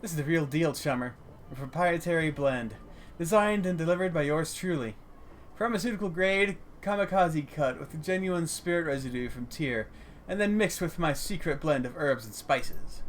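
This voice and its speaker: A man's voice: on the high side, lively intonation, moderate pace, slight background noise, pitched above the performer's own voice, lightly acted. A man voicing a sly, slightly menacing male street dealer with slick sales patter.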